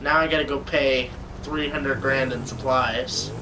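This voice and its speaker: A man's voice: medium pitch, fairly even intonation, measured pace, recorded from a distance. A young man chatting casually while playing a game, offhand and jokey. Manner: offhand, jokey, mock-dramatic. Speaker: gamer. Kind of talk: casual chat while gaming. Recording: noisy game audio behind.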